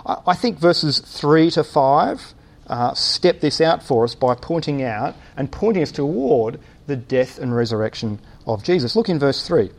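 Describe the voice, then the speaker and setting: A man's voice: a little high, darkish tone. A man preaching a sermon in a church, thinking aloud with many uh's and restarts and posing rhetorical questions.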